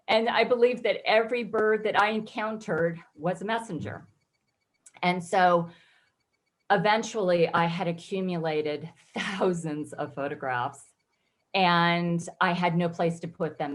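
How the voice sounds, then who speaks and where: A woman's voice: fairly low pitch, fairly even intonation, measured pace. A woman photographer telling her personal story in an interview, reflective and earnest. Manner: reflective, earnest, emotional at times. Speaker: guest photographer.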